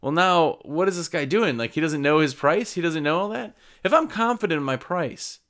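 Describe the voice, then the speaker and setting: A man with a fairly high, slightly bright voice speaks at a moderate pace with animation. He runs a window cleaning business and offers casual sales advice to the camera, acting out exchanges with customers in a conversational way.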